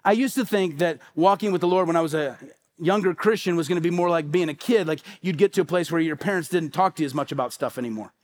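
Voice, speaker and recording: A man's voice: fairly high pitch, quick pace. A middle-aged man, a pastor, preaching a sermon with emphatic, repeated phrases and acted-out quotes.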